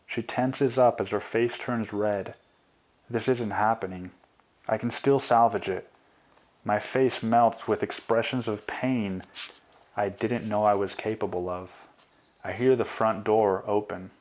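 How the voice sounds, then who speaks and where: A man reading his own memoir as an audiobook, in a quiet, confessional tone. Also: fairly low pitch, fairly even intonation, unhurried. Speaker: memoir author and narrator.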